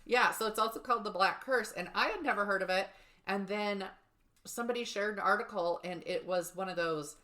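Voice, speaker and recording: A woman's voice: medium pitch, a little fast, bright, forceful tone. A woman co-hosting a true-crime podcast who chats casually, laughs often and swears. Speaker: podcast co-host.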